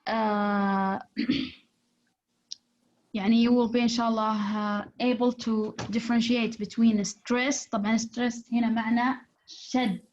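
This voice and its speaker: A woman teaching an English class, explaining slowly in English and switching into rapid Arabic. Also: fairly high pitch, little pitch movement, a little mellow. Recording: dull lo-fi recording.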